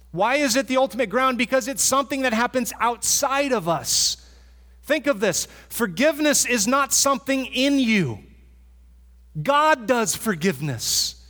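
Male pastor, high voice, earnest sermon delivery, long reverb from the sanctuary. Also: a bit bright. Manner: earnest, repeats for emphasis, with pauses and restarts.

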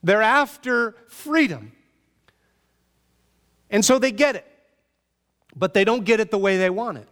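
A man preaching a sermon in an animated, conversational way, asking his listeners rhetorical questions. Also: high voice, unhurried, pauses often, long reverb tail. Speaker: pastor.

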